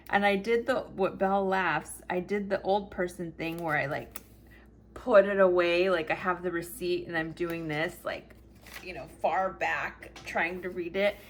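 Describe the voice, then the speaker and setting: Brief: middle-aged woman vlogger, lower pitch, chatty and animated, casual storytelling, faint hiss behind. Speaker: planner vlogger.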